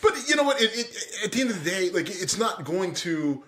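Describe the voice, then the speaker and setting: A middle-aged man co-hosting a podcast, telling stories loudly and with lots of profanity in casual chat. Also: high-pitched, big pitch swings, fairly quick. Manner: loud, profane storytelling. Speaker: podcast co-host.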